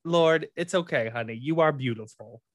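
A man hosts a chatty podcast with a fairly high, light voice, playful and camp, laughing between lines. The sound is dry and close, with no room echo. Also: moderate pace. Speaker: podcast host. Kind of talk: casual chat.

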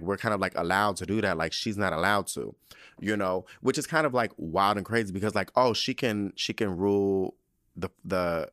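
A man recaps a TV episode in loose, animated, slang-filled talk, swearing freely and jumping in and out of voices. His voice sits on the low side, recorded close and dry with no room sound. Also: dry recording. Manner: animated, profane, slangy storytelling. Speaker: podcast host. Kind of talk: casual TV recap commentary.

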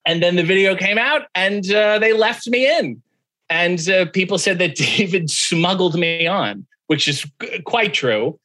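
His voice sits high and his pace is measured as he guests on a podcast. In casual chat he tells a story, animatedly voicing the people in it.

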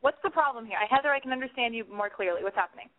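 A woman's voice: fairly high pitch, very fast, narrow, tinny audio. A woman hosting a call-in podcast from her apartment, talking in a frantic, self-mocking way and swearing freely. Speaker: podcast host taking calls. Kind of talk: casual call-in podcast chat.

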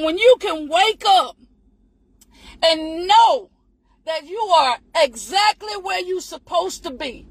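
A woman's voice: very high-pitched, no room sound. A woman hosting a live stream, giving a motivational morning pep talk in a preachy, sing-song way, calling out praise and calling her listeners honey.

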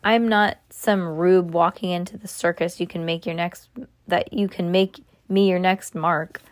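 A woman voicing a polished, well-groomed gentleman who speaks in a cool, measured way. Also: fairly low pitch, steady tone, no echo, clean studio sound, close to an everyday voice. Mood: calm.

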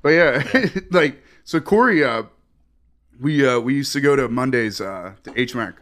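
A man's voice: mid-range voice, a little slow. A man guesting on a podcast, telling comic stories in casual chat, swearing freely and acting out the people in them. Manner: profane, animated, acts out quoted voices. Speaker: podcast guest, stand-up comedian.

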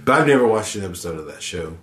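A man's voice: low-pitched, lively intonation, very fast, a bit bright. A man co-hosting a casual podcast chat, swearing freely and joking around. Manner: profane, jokey, mocking voices for laughs. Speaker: podcast co-host. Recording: echoey room with faint guitar music.

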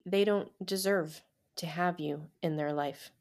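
A woman with a notably low-pitched voice hosts a podcast interview. She speaks in an affirming, encouraging way, backing up her guest and asking gentle questions. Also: unhurried. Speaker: podcast host. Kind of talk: supportive interview.

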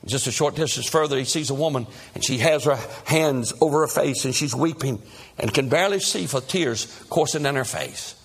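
A man's voice: mid-range voice, moderate pace, slightly rough. A man preaching a sermon as a dramatic, repetitive story.

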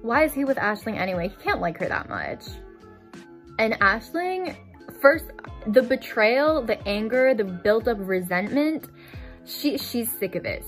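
A woman's voice: fairly high pitch, animated, normal speed, faint music behind. A woman giving a casual, chatty storytime recap of a novel, filling her talk with "like". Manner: chatty, fills with "like". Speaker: book vlogger. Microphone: desk microphone.

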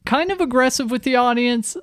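A man's voice: very high-pitched, a little fast, a bit bright, no echo. A man, a comedian guest, chatting casually on a podcast, self-deprecating and laughing often.

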